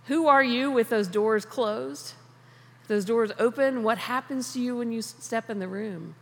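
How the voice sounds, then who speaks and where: A woman's voice: a little high, unhurried. A woman giving a conversational sermon on prayer, talking informally, restarting phrases and laughing often. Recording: long reverb of a large hall.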